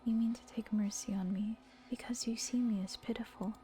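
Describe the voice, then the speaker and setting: A woman voicing a calm, gentle young woman in a visual novel, speaking softly and earnestly in a whispered role-play. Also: on the high side, fairly quick, slight background noise, natural voice. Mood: pleading. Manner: soft, earnest, often whispered.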